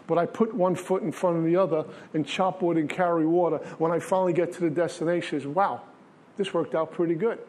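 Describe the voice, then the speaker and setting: Earnest higher-voiced man telling a story. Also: steady tone, fast talker, few pauses, a little mellow. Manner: earnest storytelling with plain everyday wording. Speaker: recovery meeting speaker. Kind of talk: personal spiritual testimony.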